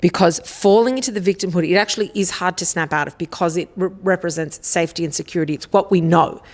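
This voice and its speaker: A woman's voice: lowish voice, fast talker. A woman hosting a solo self-help podcast, casual and blunt, swearing freely and often checking in with "okay?". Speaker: podcast host.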